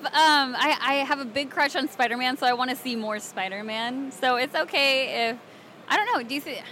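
A young woman from Alabama, a cosplayer and voice actress, chatting excitedly and giggling through a convention interview. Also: high-pitched, slight background noise. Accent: Southern American. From Alabama, USA. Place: convention floor.

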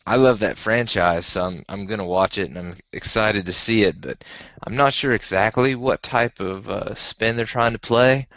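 A man's voice: fairly low pitch, a bit bright, no room sound. A man co-hosting a podcast in casual, rambling chat. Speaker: podcast co-host. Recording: dull, lo-fi dry sound.

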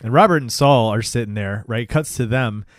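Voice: mid-range voice, moderate pace, no room sound. Chill mid voice retelling a show, dry mic, lots of yeps. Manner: relaxed, frequent short agreements. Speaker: co-host recapping a show. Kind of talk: casual chat.

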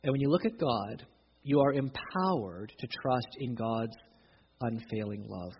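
A man's voice: mid-range voice, a little slow, breathy edge. A man preaching a sermon, emphatic, often restarting his phrases. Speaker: pastor. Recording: dull recording, long hall reverb.

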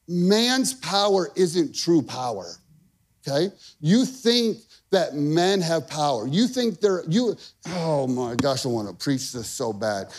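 A male pastor preaching a sermon, energetic and emphatic, repeating phrases for punch and throwing in casual asides to the congregation. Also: high-pitched.

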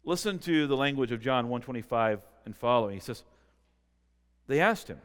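A pastor delivering a sermon, swinging between loud, emphatic preaching and quiet, close asides. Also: male voice, mid-range voice, expressive, normal speed, long pauses, smooth, big-room sound.

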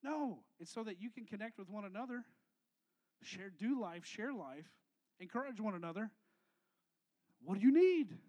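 A young adult man, a pastor, preaching a casual, slangy sermon that swings between hushed asides and loud, emphatic lines. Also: high voice, animated, moderate pace.

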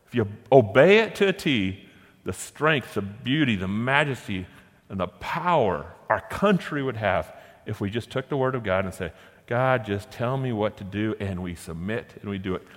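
A man preaching a sermon, posing rhetorical questions and slowing down to stress scripture verses. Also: fairly low pitch, animated. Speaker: pastor. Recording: long hall reverb.

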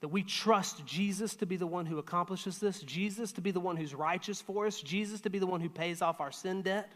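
A male pastor preaching a sermon, swinging between loud emphatic lines and hushed, earnest asides. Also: high voice, a little fast. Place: church auditorium. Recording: long hall reverb.

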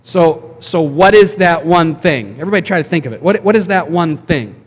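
A man's voice: on the high side, expressive, fairly quick. A man preaching a sermon as pastor, in a conversational style, often asking the congregation questions. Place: church sanctuary. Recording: long church hall reverb.

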